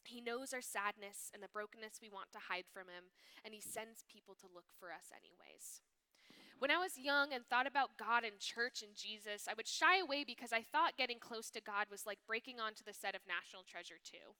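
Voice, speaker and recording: Woman, youth ministry speaker, sermon reading, bright forceful tone, slightly high voice, hushed whispered asides. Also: fairly quick, clear, resonant tone.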